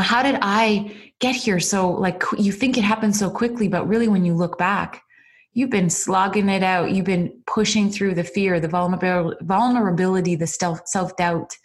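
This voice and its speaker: Middle-aged woman recording her podcast at her computer, kinda low voice, earnest and emotional, lots of "you guys". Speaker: podcast host and business coach. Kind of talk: unscripted motivational podcast monologue. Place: indoors at a computer. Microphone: computer mic.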